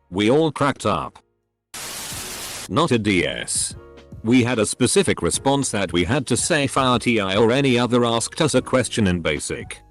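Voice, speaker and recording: Synthetic male storyteller, low-pitched and animated, odd pauses, faint music behind. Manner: synthetic text-to-speech read with odd phrasing and pauses. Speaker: narrator. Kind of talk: scripted narration of online posts. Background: faint background music.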